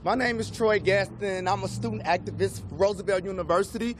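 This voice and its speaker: A young man from Chicago speaks as a student activist, his voice pitched very high for a man. He talks with passionate, emphatic force in front of cameras. Faint background noise sits under the recording. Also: a little fast. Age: young adult. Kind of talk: speech at a press gathering.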